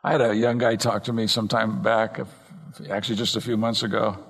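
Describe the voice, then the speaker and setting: A man preaching an earnest expository sermon from the pulpit, slowing down and speeding up to stress points. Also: fairly low pitch, little pitch movement, gravelly, breathy edge. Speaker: pastor. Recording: long reverb in a large hall.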